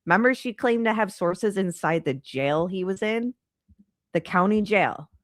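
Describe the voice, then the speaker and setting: A woman's voice: medium pitch, lively intonation, unhurried, no echo, clean studio sound. Congested woman doing casual true crime chat. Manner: chatty and rambling, exasperated. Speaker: true crime channel host. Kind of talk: casual commentary on a live stream.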